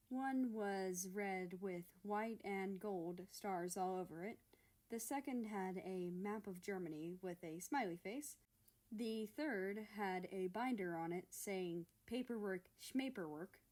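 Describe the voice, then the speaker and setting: A woman narrating a fan fiction story in a steady storytelling manner. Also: mid-range voice.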